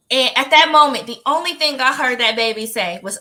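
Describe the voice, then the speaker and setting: A woman co-hosting a casual chat, telling a story in an animated way, laughing and acting out what people said. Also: high voice, brisk, few pauses. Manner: animated, laughing, acts out quotes. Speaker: podcast co-host.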